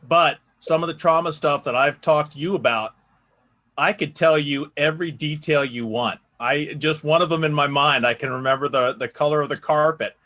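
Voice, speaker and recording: A man talking quietly and thoughtfully as a co-host in a casual podcast conversation. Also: on the high side, moderate pace.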